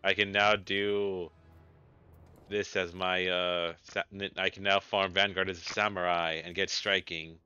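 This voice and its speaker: A man's voice: sits low, level tone, unhurried, bright, forceful tone, clean tone. A man hosting a casual game playthrough, joking, rambling and swearing as he plays. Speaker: let's play host. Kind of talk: casual gameplay commentary. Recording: dull lo-fi recording with game music.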